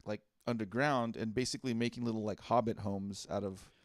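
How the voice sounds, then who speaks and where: A man's voice: lowish voice, fairly even intonation, brisk, dry recording, studio quality. A man co-hosting a casual comedy podcast, reading out listener posts in a laid-back way. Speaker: podcast co-host.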